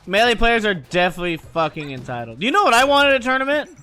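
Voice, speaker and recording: Streamer guy joking around, high bright voice, some music faint in the back. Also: quick pace. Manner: animated, profane, joking. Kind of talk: casual storytelling to a stream audience.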